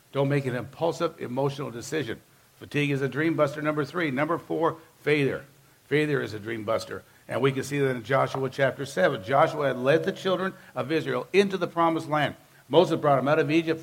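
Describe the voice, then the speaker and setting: A man preaching a sermon as pastor, talking to the congregation in an emphatic, conversational way and driving points home with repeated phrases. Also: a little high.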